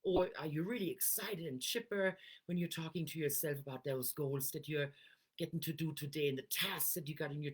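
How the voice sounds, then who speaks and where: Expressive middle-aged woman coaching. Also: deep voice. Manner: expressive, shifts her voice tone for emphasis. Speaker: NLP coach. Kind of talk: coaching talk to camera.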